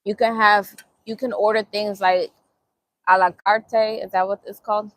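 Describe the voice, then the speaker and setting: A woman's voice: medium pitch, flat delivery, moderate pace, fairly bright tone. A woman with a Bronx New York accent chatting casually on a live stream while eating, answering viewers' comments and laughing easily. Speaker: vegan cooking channel host.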